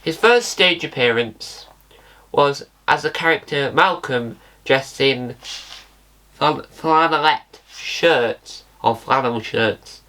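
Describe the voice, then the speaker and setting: A British man hosts his own channel with casual solo commentary, rambling, correcting himself and spelling words out. His medium-pitched voice is animated and sharp, and he speaks slowly.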